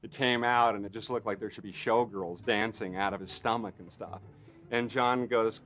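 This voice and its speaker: Man, low voice, animated anecdote, effects artist, lots of fillers, faint background music. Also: normal speed. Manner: lively storyteller who acts out quotes; frequent fillers and tag questions. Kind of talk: anecdotal interview.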